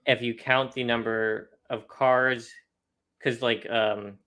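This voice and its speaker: Young male co-host, bright tone, easygoing chatter, quick laughs. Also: medium pitch. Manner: relaxed, chatty, laughs often. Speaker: co-host of a card collecting show. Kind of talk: casual chat.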